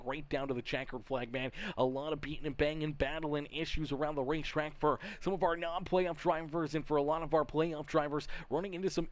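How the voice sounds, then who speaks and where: A young Canadian man hosting a live sim racing broadcast, upbeat and folksy, chatting with viewers. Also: fairly high pitch. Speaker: race broadcast host.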